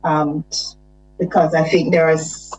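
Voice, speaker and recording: A woman's voice: low-pitched, little pitch movement, takes it slowly, a little mellow, a little hiss or hum. A woman, legal counsel, explaining legal procedure to a committee with hesitant fillers. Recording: dull lo-fi sound.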